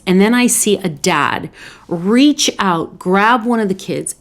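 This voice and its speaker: A woman psychologist hosts a solo advice talk, speaking earnestly in a fairly low voice. She tells stories from her own life and restarts some of her sentences along the way.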